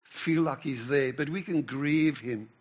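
A man's voice: on the high side, measured pace, dull audio. A man, a church elder, giving a conversational sermon with frequent restarts and stumbles. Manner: conversational preaching with stammered restarts. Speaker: pastor.

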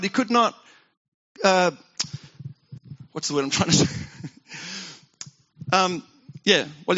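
A man's voice: high voice, pushed and bright, lo-fi sound. A man preaching a sermon as pastor, talking conversationally and asking the congregation questions.

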